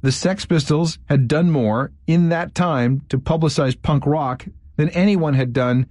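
A man hosting a radio history show, telling a story in lively, wry narration. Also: fairly high pitch, a little slow, no room sound, clean studio sound. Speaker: radio host.

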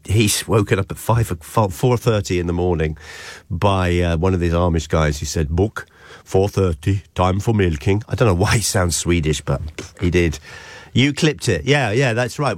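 A man hosts a radio show in a chatty, rambling way and cracks jokes as he goes. His voice sits very low. The studio sound is dry and close. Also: no room sound. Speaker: radio host. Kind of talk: casual radio chat. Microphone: studio mic.

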